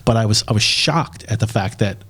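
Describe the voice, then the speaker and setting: Podcast host, male, lowish voice, meandering casual talker. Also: a little fast, a bit bright, breathy edge. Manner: rambling, many fillers and restarts. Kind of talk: casual chat.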